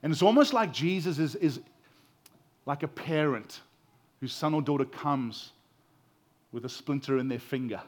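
A man with a South African accent preaching a sermon, earnest and expressive, with emphasis that rises and falls. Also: fairly high pitch, moderate pace, long pauses.

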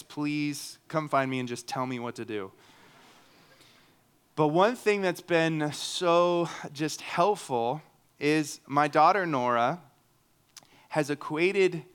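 A man's voice: on the high side, a bit bright, clear, resonant tone. A man in his thirties preaching a sermon in an earnest, conversational way, with humorous asides. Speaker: pastor.

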